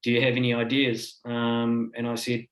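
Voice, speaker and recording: A man answering a panel question on a video call, reflective and measured. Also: medium pitch. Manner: reflective, flat delivery. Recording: echoey room on a video call.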